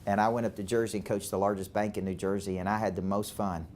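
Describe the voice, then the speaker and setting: A man's voice: lowish voice, level tone, quick pace, a little mellow, a little hiss or hum. Southern man coaching a sales team. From Tennessee. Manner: emphatic, repeats words, asks rhetorical questions.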